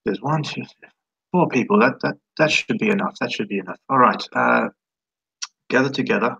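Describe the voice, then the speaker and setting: A man voicing an older jarl who is a war leader, giving brisk orders in a halting way. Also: mid-range voice, gravelly, sharp tone, slightly rough, muffled recording, exaggerated voice.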